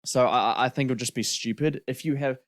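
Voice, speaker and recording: A man's voice: medium pitch, fairly even intonation, fast talker, no room sound, clean studio sound. A young man co-hosting a podcast, giving his opinions on films in a casual chat and laughing easily. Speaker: podcast co-host.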